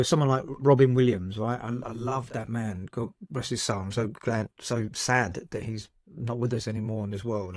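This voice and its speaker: A man's voice: medium pitch, dry recording, studio quality. Man from Southend telling stories candidly. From Southend, England. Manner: lively storytelling, frequent swearing and "right?" tags. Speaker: guest psychotherapist. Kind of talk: candid podcast conversation.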